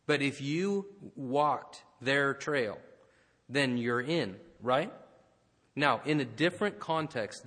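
Guy preaching, bright forceful voice, big echoey hall. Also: mid-range voice. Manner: conversational, many asides and "right?" tags. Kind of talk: sermon with storytelling.

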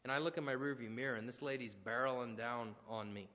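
A man preaching in a relaxed, conversational way, slipping into personal stories and asides. His voice sits at an ordinary middle pitch. A long reverb trails each phrase, as in a church hall. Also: fast. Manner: conversational, storytelling, with restarts and asides. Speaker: pastor. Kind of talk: sermon.

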